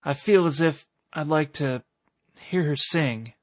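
A man voicing a dying elderly village woman, stubborn and pious, who speaks slowly and feebly in strained country speech. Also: a little high, no room sound, studio quality. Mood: feeble.

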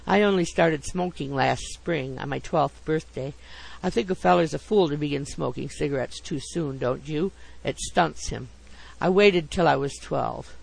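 Man doing a smug boy of twelve acting grown-up, high voice, gravelly. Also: normal speed, poor audio.

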